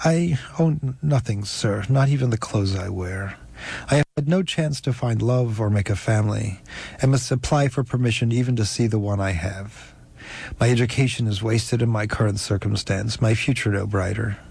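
A man reading an audiobook, voicing a weak, wounded enslaved man who speaks slowly and deliberately. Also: fairly low pitch, creaky, darkish tone, slightly rough. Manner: slow, deliberate, halting. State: weak and parched. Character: dying enslaved man, defiant and resolute.

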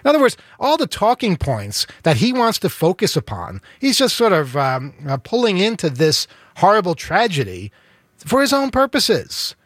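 A man's voice: sits high, huge pitch swings, no room sound. Earnest New York man, dry sound. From Queens, New York. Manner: halting, many fillers, earnest. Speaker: show host. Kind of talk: political talk show chat.

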